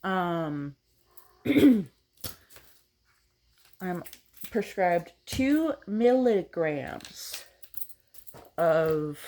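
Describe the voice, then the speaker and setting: A makeup vlogger chats casually at home on a couch while doing her makeup, rambling in a get-ready-with-me style full of ums and self-corrections. Her voice is lowish with a darkish tone.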